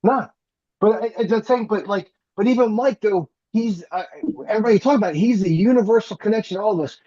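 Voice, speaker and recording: High husky man, dull lo-fi sound. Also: fast, warm tone. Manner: earnest, emphatic, speaks in short repeated phrases. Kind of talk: casual heartfelt tribute.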